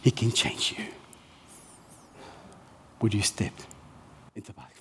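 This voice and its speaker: A man's voice: medium pitch, steady tone, measured pace, a bit bright, breathy edge, long reverb tail. A man preaching a sermon as pastor, impassioned and prone to repeating words as he builds.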